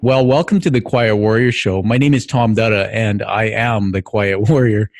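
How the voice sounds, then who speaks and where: Earnest low-voiced Canadian man. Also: steady tone, normal speed. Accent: Canadian English. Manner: earnest, reflective, with light laughs. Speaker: podcast host. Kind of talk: personal narrative monologue.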